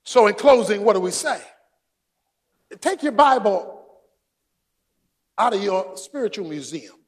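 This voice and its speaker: A man preaching a sermon, shouting for emphasis and joking with his congregation. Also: high voice, expressive, a little slow. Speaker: pastor.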